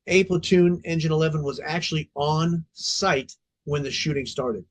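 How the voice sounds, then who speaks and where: A middle-aged man with a fairly high voice recounts a story in a podcast interview. He talks bluntly and emphatically and swears freely, like a veteran of the fire service. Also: moderate pace. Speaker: fire department veteran guest.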